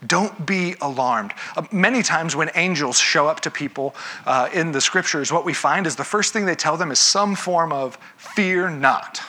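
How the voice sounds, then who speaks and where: A man's voice: fairly high pitch, moderate pace, hardly any pauses, sharp tone. A man preaching a sermon, telling the story with animation and acting out the characters. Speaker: pastor.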